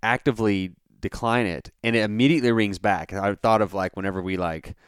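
A man with a lowish, smooth, resonant voice tells a story in a loose, chatty podcast style, full of "like" and restarts. The sound is dry and close to the mic. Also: fairly quick, dry recording. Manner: animated storyteller with many fillers. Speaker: podcast host. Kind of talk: casual storytelling.

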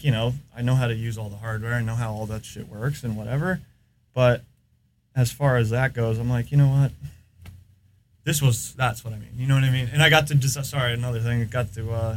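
A man's voice: mid-range voice, a little hiss or hum. A man with an American accent, a podcast guest, telling long rambling stories in casual chat. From United States. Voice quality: rambling, filler-heavy storytelling.

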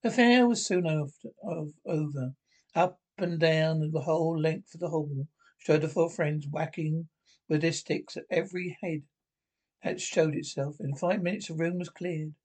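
A man reads a children's classic aloud in a slightly high voice. He halts often, restarting words and fixing slips as he goes, like a plain amateur reading. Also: darkish tone, rough recording. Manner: halting, with frequent restarts and slips. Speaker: reader.

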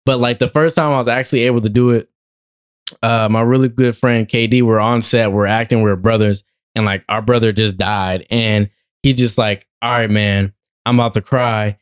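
A man's voice: mid-range voice, moderate pace, smooth. Young man telling stories with laughs. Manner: animated storyteller who laughs often. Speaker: guest actor. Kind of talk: casual interview chat.

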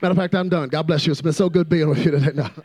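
Fervent high-voiced preacher man. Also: fairly even intonation, racing. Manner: fervent, playful, swelling into shouts. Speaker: guest preacher. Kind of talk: sermon.

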